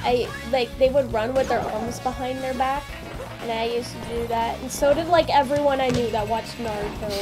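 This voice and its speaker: A woman co-hosting a let's-play video, giggly and swearing, with loud exclamations over game music. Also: on the high side, fairly even intonation, moderate pace. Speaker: gaming video co-host. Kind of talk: casual let's-play banter. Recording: game music playing behind.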